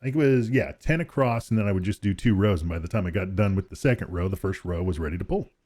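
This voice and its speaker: A man with a fairly low voice talks his way through a farming game on a live stream. He rambles, laughs easily and keeps restarting his thoughts as he chats to the people watching. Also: animated, fast talker, a little mellow. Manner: rambling, chatty, laughs often, many restarts. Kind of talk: casual live-stream chat while gaming.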